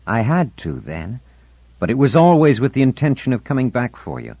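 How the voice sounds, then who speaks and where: A man's voice: mid-range voice, huge pitch swings, moderate pace, no room sound, dull audio, voice pushed up. Man as an earnest, yearning father. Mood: pleading.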